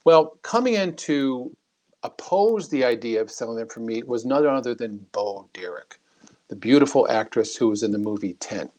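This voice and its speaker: A man, a former congressman, telling stories in an interview with an animated, anecdotal manner and frequent restarts. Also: mid-range voice, normal speed. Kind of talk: interview storytelling.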